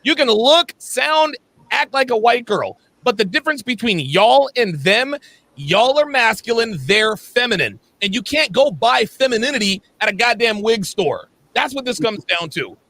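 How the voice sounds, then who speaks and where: A man's voice: extremely high pitch, sing-song, normal speed, vocal fry, pushed and bright, no echo. A man hosting a livestream panel, blunt and emphatic, calling on panelists by name. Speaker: livestream host.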